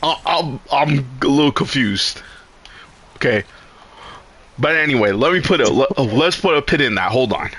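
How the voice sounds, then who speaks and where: A male streamer telling a story in casual talk. He is animated and rambling, swears a lot, and restarts his sentences. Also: mid-range voice, moderate pace, long pauses, slightly rough.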